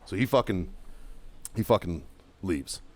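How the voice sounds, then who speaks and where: Man, podcast host, profane storytelling, middle-aged, shouts the quotes. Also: low voice, lively intonation, measured pace. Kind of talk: casual storytelling chat.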